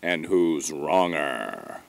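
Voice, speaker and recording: A man announcing a show with a boxing-ring style introduction, booming and drawn-out. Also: big pitch swings, vocal fry. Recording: loud music bed under voice. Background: loud music.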